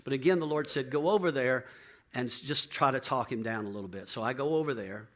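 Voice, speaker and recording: A man's voice: medium pitch, fast talker. A man who is a pastor, telling a personal story in a sermon and acting out the voices of the people in it. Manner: animated storyteller, acts out quoted voices.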